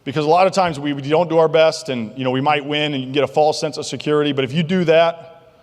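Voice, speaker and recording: A male keynote speaker telling stories in an animated, jokey way to a banquet crowd. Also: on the high side, fast talker. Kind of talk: motivational keynote storytelling. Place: large banquet hall. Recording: long reverb of a large hall.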